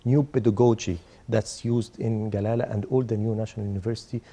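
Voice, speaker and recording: A man, his voice deeply dark and mellow. He answers as a guest in a TV interview, speaking haltingly, restarting words and stringing items into lists. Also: steady tone, slightly rough. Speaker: university official guest.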